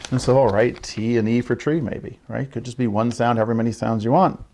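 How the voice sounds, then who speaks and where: A man's voice: medium pitch, fairly even intonation, brisk, a little mellow, slight background noise. A man who teaches young children explains early writing steps to parents, often checking in with "right?" and acting out what he says to children. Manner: explains with frequent "right?" check-ins and modeled child-directed lines. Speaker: early childhood literacy educator. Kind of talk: instructional talk to parents.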